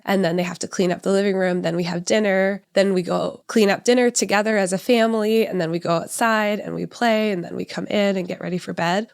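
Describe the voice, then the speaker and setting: On a solo parenting podcast, the host, a parenting educator in her thirties, talks in a gravelly, medium-pitched voice. Her tone is conversational and reflective, peppered with "right?" check-ins.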